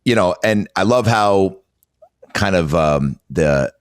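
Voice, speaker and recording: A male podcast host with a very deep voice, reacting to his guest in short, amazed bursts. The sound is dry and close, with no room around it. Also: lively intonation, no room sound. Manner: reactive, quick amazed interjections. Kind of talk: casual podcast chat.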